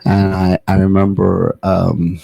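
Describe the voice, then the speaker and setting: A man hosting a casual podcast, his voice low and rough with a husky edge. He rambles through stories in loose, profane chat, with plenty of ums and restarts. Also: little pitch movement, slow pace, warm tone, highs cut off. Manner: loose, profane storytelling with many fillers. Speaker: podcast host.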